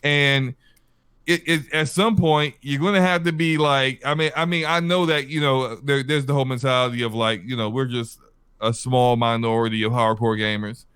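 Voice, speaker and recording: A man's voice: mid-range voice, fairly even intonation, moderate pace, fairly bright tone, clear, resonant tone, no room sound, clean studio sound. A man hosting a gaming podcast, making his case point by point with many restarts. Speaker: podcast host. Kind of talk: casual podcast discussion.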